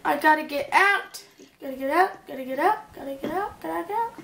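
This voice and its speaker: A woman's voice: high-pitched, expressive, fairly quick, vocal fry, a bit bright. A woman giving playful let's-play commentary, chatting to game animals in a silly voice, in a roomy home recording with faint hiss. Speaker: gamer.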